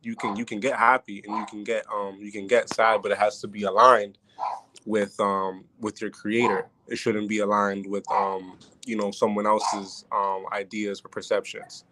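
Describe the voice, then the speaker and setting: A man asking a hesitant question during a live study session, with many pauses and restarts. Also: lowish voice, flat delivery, sharp tone, poor audio. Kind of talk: casual question on a live stream.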